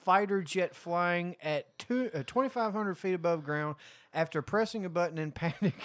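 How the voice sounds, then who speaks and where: A man's voice: high voice, normal speed, fairly bright tone, a little hiss or hum. A man in casual, crude chat, reading out headlines with lots of laughter. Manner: crude, laughing, rambling delivery.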